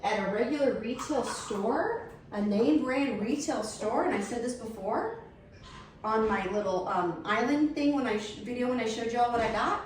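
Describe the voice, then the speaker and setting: A blunt, animated woman tells stories in a casual chat while she sets a table. Her voice sits a little high. She is heard from off the mic in an echoey room, with a faint hum of ambience behind her. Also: normal speed, far from the mic. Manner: sassy, blunt, animated storyteller. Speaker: vlogger setting a table.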